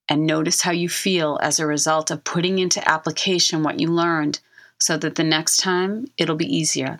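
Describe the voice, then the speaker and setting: A middle-aged woman talks straight to her listeners in a self-help podcast monologue. Her voice sits a little low, and her delivery is earnest and coaching as she repeats phrases to drive each point home. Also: fairly bright tone. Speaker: podcast host and author.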